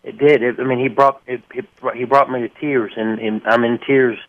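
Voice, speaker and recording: Male veteran caller, halting and choked up, flat delivery, tinny dry phone line. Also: medium pitch, no room sound. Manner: halting, choked up, many fillers. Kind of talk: emotional phone-in tribute.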